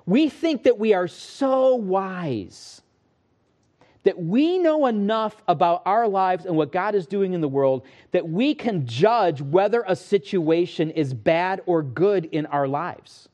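An earnest man delivers a sermon from the pulpit, his voice sitting a touch higher than most men's. He leans on key phrases slowly and firmly, then loosens up with folksy asides and quick self-corrections. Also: expressive, darkish tone. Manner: earnest, emphatic preaching with slow stressed phrases. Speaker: pastor.

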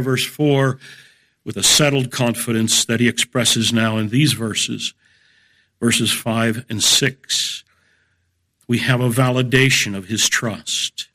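Middle-aged male Bible teacher, bright tone, steady emphatic lecture delivery. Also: medium pitch. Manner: measured, emphatic, explains verse by verse.

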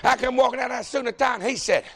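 High-voiced preacher, folksy and shouting. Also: male voice, racing. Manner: folksy, joking, builds to shouting. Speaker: pastor. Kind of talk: sermon.

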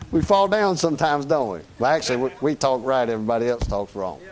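A man's voice: medium pitch, fairly quick. A middle-aged man with a Southern US accent preaching a sermon in a folksy, joking way, chuckling as he goes. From Southern United States.

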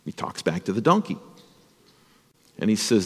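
A man's voice: on the low side, moderate pace, pauses often, husky, long reverb tail. A man, a pastor, telling a Bible story as a children's sermon and asking the children questions. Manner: animated, addresses children with questions.

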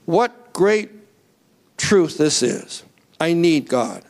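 Male preacher, high-pitched, animated sermon delivery that rises to near-shouts and calls on the congregation. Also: very slow. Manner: asks the crowd to raise hands.

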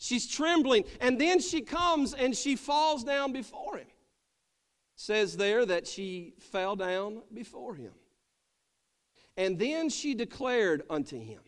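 Man, pastor, sermon, high voice, calls for amens, long church reverb. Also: big pitch swings, slow. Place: church sanctuary.

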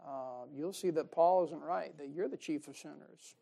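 This man's gravelly voice is on the high side and moves at normal speed. His sermon is folksy and emphatic, with laughter at his own jokes and swings between loud stresses and soft asides.

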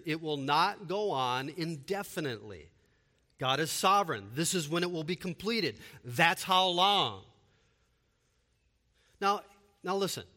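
Bright-voiced preacher in reverberant hall. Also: male voice, fairly high pitch. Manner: emphatic preaching, repeated rhetorical questions. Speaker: pastor. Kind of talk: sermon.

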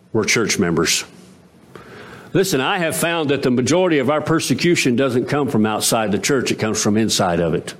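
A man preaching a sermon as pastor, with swooping emphasis that rises to emphatic peaks. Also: mid-range voice.

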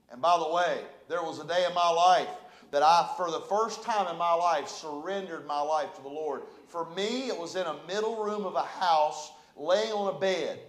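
A man preaching a sermon as pastor, moving between quiet, close talk and loud, impassioned calls. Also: fairly high pitch, normal speed, echoey room, low-quality recording. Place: church sanctuary.

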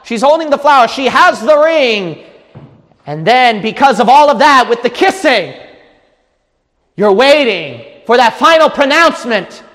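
A man preaching a sermon with passion, building from slow teaching up to shouting and crying out. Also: very high-pitched, very animated. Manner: impassioned, rising to shouts and cries. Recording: long hall reverb.

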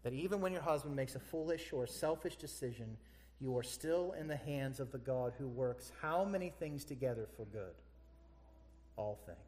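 A man preaching a sermon, animated, firing rhetorical questions at his congregation. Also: medium pitch, moderate pace. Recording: echoey hall.

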